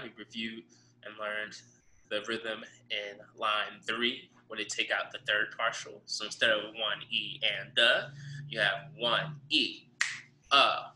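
A man's voice: lowish voice, steady tone, a little slow, sharp tone, slight background noise. A male music teacher giving a drum lesson, counting aloud and explaining stick strokes. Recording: echoey room.

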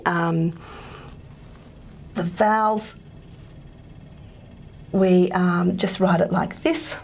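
A woman's voice: medium pitch, slight background noise. A woman, possibly, giving a linguistics lecture on a video call, talking hesitantly with many fillers and restarts. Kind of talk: recorded lecture.

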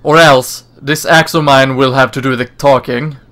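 A man's voice: mid-range voice, fairly even intonation, moderate pace, fairly bright tone, natural voice. A man voicing a stern male knight commander who gives curt, bossy orders.

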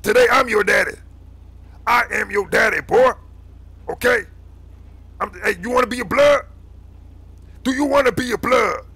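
Man voicing a gang recruiter, gravelly, bright, bossy, slang-heavy. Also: fairly high pitch, moderate pace, long pauses, heavily acted. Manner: bossy, slangy, calls everyone boy and man.

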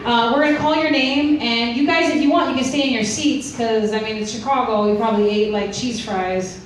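A woman's voice: fairly high pitch, steady tone, a little fast, a little hiss or hum. A woman co-hosting a live comedy show, running a trivia game with bubbly, joking banter. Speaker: show co-host. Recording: roomy club, distant mic, crowd.

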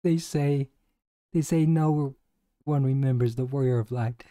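A man's voice: medium pitch, measured pace, warm tone, no room sound, natural voice. A man voicing an earnest, theatrical young woman detective's sidekick, reading game cutscene dialogue aloud with some stumbles.

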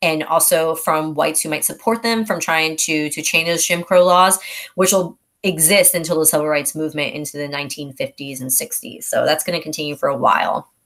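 Woman, teacher, low voice, casual review lesson, conversational, storytelling delivery. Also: fairly even intonation, a little fast, fairly bright tone. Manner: conversational, explains events as a story and acts out short quotes. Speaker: history teacher.

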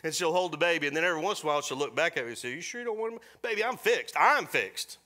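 A middle-aged man preaching a sermon as pastor, animated and mixing scripture with joking asides. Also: a little high, very fast. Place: church service.

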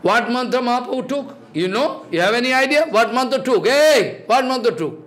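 A man's voice: very high voice, animated, a little fast, fairly bright tone. A man giving a devotional sermon in broken English, quizzing and scolding his listeners. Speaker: spiritual teacher.

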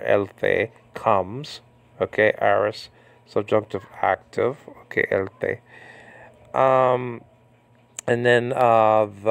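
A man's voice: fairly low pitch, gravelly, dry recording. A man giving a casual, unscripted Bible Greek lesson, rambling with frequent restarts and a combative tone.

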